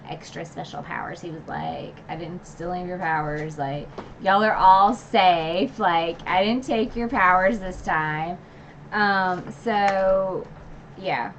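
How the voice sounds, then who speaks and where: A woman's voice: fairly low pitch, a little hiss or hum. A woman streamer casually recapping a novel's final chapters in a chatty way, with constant filler words and emotional asides. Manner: retells scenes with emotional asides and laughs. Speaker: book channel streamer. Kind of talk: casual livestream book recap. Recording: dull lo-fi stream audio.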